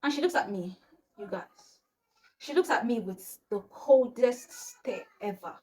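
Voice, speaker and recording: A young woman from Nigeria with a Nigerian accent, telling a personal story in casual vlog chat and acting out the voices of the people in it. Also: a little slow. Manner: animated, acts out quoted voices, often drops to a low murmur. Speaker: storyteller vlogger.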